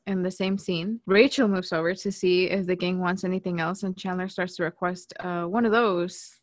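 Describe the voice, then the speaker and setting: A young woman chats casually as a podcast co-host, telling stories in a loose, rambling way. Her speech is packed with "like" and quick laughs. The recording is dry and close, with no room sound. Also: fairly low pitch, fairly even intonation, no room sound. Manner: rambling storytelling full of "like" and laughs. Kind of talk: casual chat.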